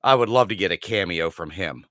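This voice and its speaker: A man's voice: deep voice, expressive, brisk, pushed and bright, no echo, clean studio sound. A man co-hosting a podcast, telling rambling stories in casual chat with restarts and laughs. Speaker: podcast co-host.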